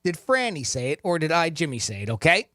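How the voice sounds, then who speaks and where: Upbeat radio host, high voice, dry close mic, quick with callers. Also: male voice, very animated, sharp tone, dry recording. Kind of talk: radio contest hosting. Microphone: studio microphone.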